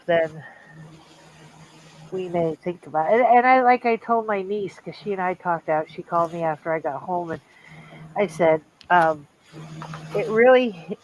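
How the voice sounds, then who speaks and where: An older woman hosting a livestream, telling a family story in a casual, animated way and acting out the voices of the people in it. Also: on the low side, muffled recording, a little hiss or hum. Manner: animated, acts out quoted voices. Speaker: livestream host.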